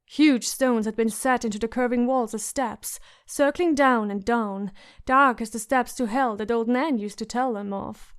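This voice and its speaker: A woman narrating an audiobook in a measured, suspenseful way. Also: on the high side, clear, resonant tone. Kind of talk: scripted narration.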